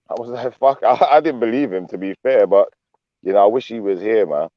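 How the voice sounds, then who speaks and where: A man's voice: on the low side, fairly quick, dry recording, lo-fi sound. A man hosting a live panel stream, chatty and joking, drifting into talk about the Bible. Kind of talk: casual panel chat.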